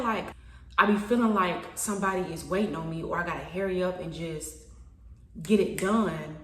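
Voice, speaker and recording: A woman's voice: on the low side, normal speed, reverberant, recorded from a distance. A woman vlogging to camera in a casual, rambling monologue, thinking aloud and questioning herself. She is self-conscious, stumbling and repeating words as she goes.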